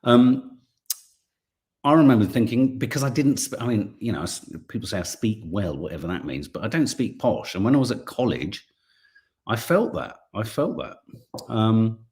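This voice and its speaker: A man's voice: lowish voice, darkish tone. A man with a Mancunian accent, hosting a casual chat and reading out viewer comments, hesitant with many fillers and restarts. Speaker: host.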